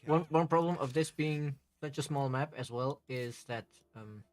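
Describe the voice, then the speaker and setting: A man's voice: medium pitch, moderate pace. A man co-hosting a game livestream, thinking aloud with restarts as he works out what to do next. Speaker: stream co-host. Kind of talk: casual livestream chat.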